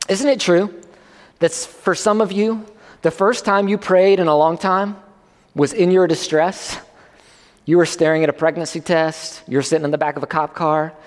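A male pastor preaching in a casual, conversational way, his fairly high voice climbing when he presses a point. The sound rings out with the long reverb of a church hall. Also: fairly even intonation, moderate pace. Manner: conversational preaching, rising in pitch for emphasis. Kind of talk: sermon.

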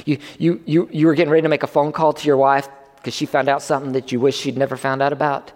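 A man preaching a sermon as a pastor, talking conversationally and pushing his pitch up to stress his points. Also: little pitch movement, fast talker, darkish tone. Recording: long reverb of a hall.

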